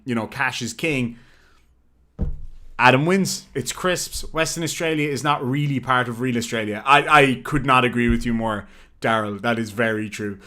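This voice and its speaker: A man hosting a casual livestream and reading viewer messages aloud, playfully combative and quick to swear. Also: mid-range voice, pushed and bright. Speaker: livestream host.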